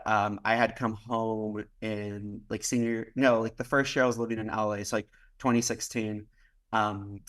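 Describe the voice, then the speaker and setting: Young man, from Miami, podcast guest, casual storytelling, lots of fillers, mid-pitched voice. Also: fairly bright tone. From Miami, United States. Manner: rambling, heavy use of "like", acts out quoted dialogue; casual swearing. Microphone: podcast microphone.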